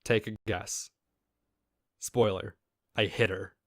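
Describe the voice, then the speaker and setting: Taking his time, a story reader with a fairly low, steady voice narrates a first-person account in a laid-back way. He sometimes interrupts himself to talk directly to the audience. The sound is dry and intimate, free of room echo.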